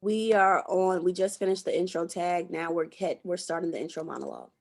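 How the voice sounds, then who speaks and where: A woman's voice: lowish voice, steady tone, brisk. Woman coaching with playful examples. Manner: encouraging, explains with playful acted examples. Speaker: podcast production coach. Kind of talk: coaching, giving example intros.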